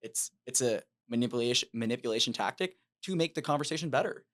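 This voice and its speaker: A man's voice: mid-range voice, lively intonation, fast talker, a bit bright. A man hosting a podcast, chatting casually and emphatically and repeating words as he starts a point. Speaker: podcast host.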